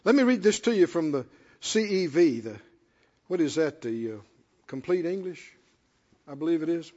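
A man preaching in a church with a high, husky voice that swoops up and down emphatically. He repeats phrases for weight and questions his listeners. The sound is dull and lo-fi, with a long hall reverb trailing behind. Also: sing-song, normal speed, a little mellow. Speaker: pastor. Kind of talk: sermon.

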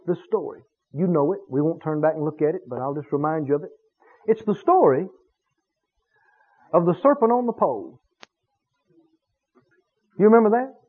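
A man preaching a sermon, emphatic and animated, stretching key words for effect. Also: a little high, breathy edge. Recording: tinny phone-like radio broadcast.

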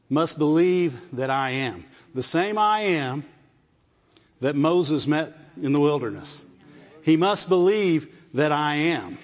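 A man delivers a sermon in a fairly high voice, checking in with the listeners and repeating phrases as he builds his point. His voice carries a long reverb from a large hall. The sound is dull and muffled. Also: expressive, takes it slowly. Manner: call-and-response asides, repeats phrases. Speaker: preacher.

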